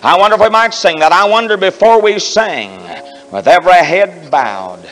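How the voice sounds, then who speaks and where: A man preaching a camp meeting sermon, telling stories and rising into fervent shouts, recorded in a tabernacle. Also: sits high, animated, normal speed, big-room sound, soft background music, low-quality recording. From Ohio.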